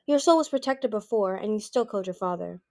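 A woman voicing a skeptical young female dragon who speaks in a dry, hushed way. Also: medium pitch, animated, fast talker, natural voice.

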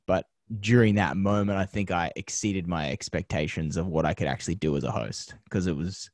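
A man with a low, deep voice tells stories from his career in a relaxed interview. He talks with energy, laughs often and drops casual slang. The sound is dry and close, with no room echo. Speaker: TV host and media founder.

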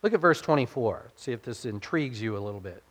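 A man's voice: mid-range voice, expressive, fast. A man pastor giving a conversational sermon, posing rhetorical questions to the congregation and dropping his voice to quote scripture.

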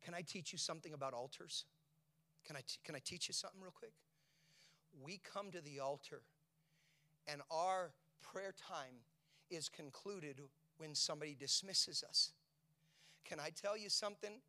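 A male preacher delivers a sermon in a bright, forceful voice that sits a little high for a man. He keeps asking his listeners questions. He falls to hushed whispers, then builds to shouted peaks. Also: moderate pace, long pauses. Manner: swings from hushed whispers to loud, shouted climaxes; asks the congregation rhetorical questions.

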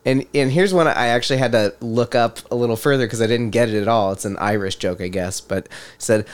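A man's voice: mid-range voice, a little fast, few pauses, clean tone. A man hosting a podcast in casual chat, laughing often as he reads out quotes. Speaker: podcast host.

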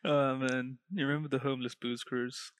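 A man's voice: medium pitch, normal speed, clear, resonant tone, dry recording. A young man from England, telling a story in casual chat and acting out what people said. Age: teens or young adult. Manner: animated storyteller, laughs often, acts out quotes.

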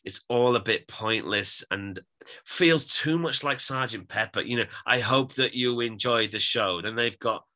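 A man's voice: medium pitch, unhurried, sharp tone. A man co-hosting a podcast, giving an opinionated, rambling album review in casual chat. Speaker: podcast co-host.

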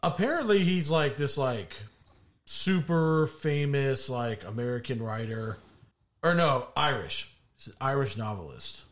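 Animated, profane man chatting on a podcast. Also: medium pitch, unhurried. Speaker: podcast co-host. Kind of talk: casual chat.

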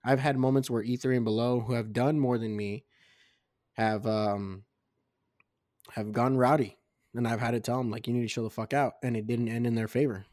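A man's voice: mid-range voice, moderate pace, pauses often, no room sound. Young guy cussing thru a rambling story, tipsy podcast chat, mid voice, dry close mic. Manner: profane, rambling, animated storytelling. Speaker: podcast co-host. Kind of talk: casual drunk storytelling chat.

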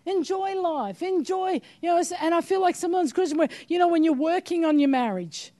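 Older female preacher, high voice, emphatic sermon delivery. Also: brisk, dark tone. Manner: emphatic, urging with repeated "come on".

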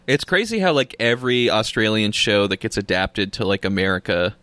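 A man's voice: fairly low pitch, fairly quick, bright, forceful tone, no echo. A man from New Hampshire co-hosting a podcast, laid-back, playful and swearing often. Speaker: podcast co-host. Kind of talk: casual chat.

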